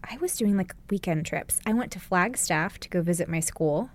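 A woman's voice: lowish voice, expressive, moderate pace. Bubbly, giggly woman podcast producer. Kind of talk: casual chat. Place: podcast booth. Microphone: studio mic.

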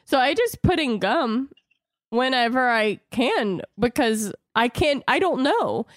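A woman co-hosts a podcast in casual conversation, rambling, cutting herself off to restart sentences, and often bursting into laughter. Her voice is a little high and sing-song. The recording is studio quality with no room sound.

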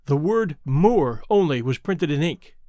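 A man's voice: fairly high pitch, animated, a little slow, dark tone, dry recording. Man narrating a classic mystery. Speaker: audiobook reader. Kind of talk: scripted narration. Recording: dry close audiobook recording.

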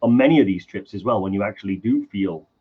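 A man's voice: fairly low pitch, fast talker, breathy edge, lo-fi sound. A man with a slight Welsh accent co-hosting a podcast in casual, joking, self-deprecating chat. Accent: semi-Welsh. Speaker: podcast co-host.

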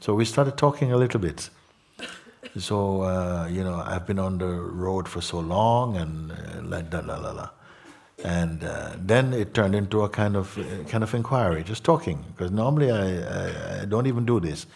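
This satsang talk comes from a man whose low voice is gravelly, slightly rough, and a little mellow, with lively intonation. As a spiritual teacher, he speaks slowly and reflectively to the gathering, often adding "no?" and "hmm?".

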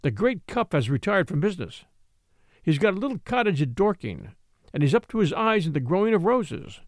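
A man's voice: high voice, very animated, brisk, no echo, clean studio sound. A man reading an audiobook, voicing an elderly male servant who is stern, proud and stubborn. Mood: insistent. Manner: stern, insistent pleading.

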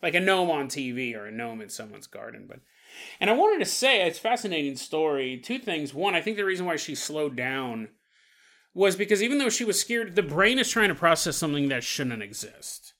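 A man hosting a podcast, retelling a story in a casual, animated way and acting out the people he quotes. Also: on the high side, fairly quick. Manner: animated, acts out quotes with playful voices. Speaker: podcast host.

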